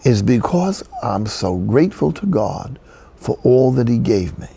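A man voicing a cheerful, grateful little old woman with an old-fashioned Southern US accent, speaking slowly and plainly. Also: mid-range voice, sing-song, creaky, warm tone, slightly rough, full character voice.

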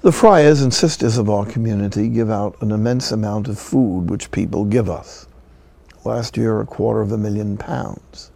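An older man, a Catholic friar and priest, delivers a broadcast sermon as measured storytelling with solemn pauses. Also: on the low side, gravelly, mellow, no echo.

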